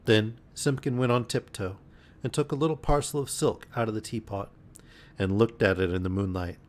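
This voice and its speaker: A man reading a storybook aloud in a gentle, unhurried bedtime manner on a live stream. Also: on the low side.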